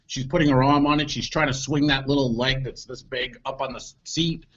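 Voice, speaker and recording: A man co-hosting a comedy podcast, telling an animated anecdote and acting out what people said. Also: medium pitch, fairly quick, muffled recording. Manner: animated anecdote teller, acts out quotes, swears. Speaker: podcast co-host. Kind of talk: comedic storytelling chat.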